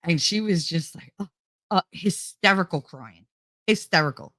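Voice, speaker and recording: A woman with a West Indian accent, hosting a casual podcast and telling stories in an animated, profane way, mocking people in put-on voices. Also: on the low side, normal speed, no room sound, studio quality. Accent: West Indian, thicker when angry. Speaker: podcast host. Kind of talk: casual storytelling rant.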